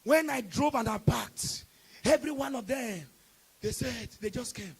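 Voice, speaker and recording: A man with a Nigerian accent preaching a sermon at a church service, moving from storytelling into shouted, impassioned declarations. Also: extremely high pitch, a little slow, creaky, slightly rough. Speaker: evangelist preacher.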